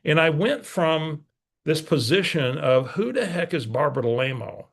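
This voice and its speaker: A man telling stories to a room of real estate agents, folksy and direct. His voice sits a touch high and carries a gravelly fry. He talks like a coach rallying a team. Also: lively intonation, normal speed. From San Antonio, Texas. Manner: storytelling, folksy, direct to audience. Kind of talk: motivational talk.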